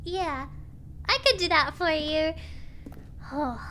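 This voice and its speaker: High-voiced, apologetic young woman streamer. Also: slow, pushed and bright, slight background noise. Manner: apologetic and playful, often repeats herself. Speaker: streamer playing a game. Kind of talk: casual live-stream commentary.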